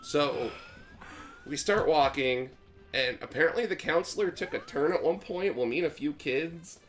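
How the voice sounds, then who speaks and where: A young man on a gaming podcast, casually telling a rambling, animated story with lots of "like". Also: on the high side, moderate pace. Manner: animated, rambling, acts out quotes. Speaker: podcast co-host.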